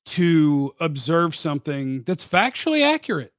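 A man's voice: a little high, animated, normal speed, fairly bright tone, no room sound, studio quality. A man hosting casual live-stream sports commentary, blunt and opinionated with a rambling delivery. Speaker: sports radio host.

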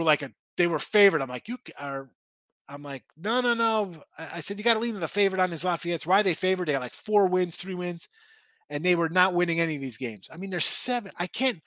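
A man runs a casual sports betting stream, answering his chat in an excitable, rambling way that often winds itself up. His voice sits high and comes across bright and forward. The sound is dry and close, with no room around it. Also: dry recording. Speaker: sports betting show host. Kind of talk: casual live-stream chat reading viewer comments.

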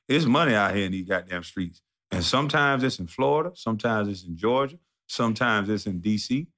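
A man in a blunt, profane ranting monologue, animated and telling stories with quoted voices. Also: mid-range voice.

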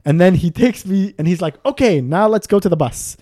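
Animated man telling a funny story. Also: a little fast. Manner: animated, acts out scenes with rising pitch, laughs often. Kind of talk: casual storytelling chat.

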